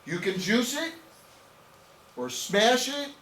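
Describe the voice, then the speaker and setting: Very high-pitched, very animated, and fairly bright, a man takes his time running a nutrition training for a small group. He is emphatic and repetitive with frequent "okay?" check-ins, captured in an echoey room with an audience via a distant mic, with faint noise.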